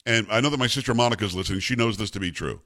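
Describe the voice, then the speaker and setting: Hosting a talk radio show, a fifties-aged man gives emphatic, conversational opinions peppered with personal anecdotes. He races along in a fairly low, fairly bright voice.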